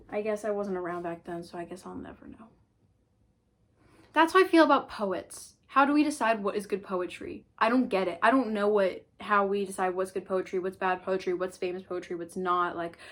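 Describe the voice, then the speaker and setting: A young woman talks through her latest finds in a relaxed, rambling vlog. She fills her sentences with "like" and "um" and wanders from point to point. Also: mid-range voice. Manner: chatty, rambling, lots of likes and ums. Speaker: book vlogger. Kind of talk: casual book haul chat.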